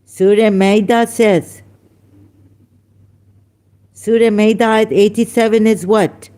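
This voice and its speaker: A heated debate host who talks slowly and deliberately, pressing a caller with scolding rhetorical questions. The voice sits in a middle pitch and carries open anger and emphasis. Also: steady tone, dark tone. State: angry.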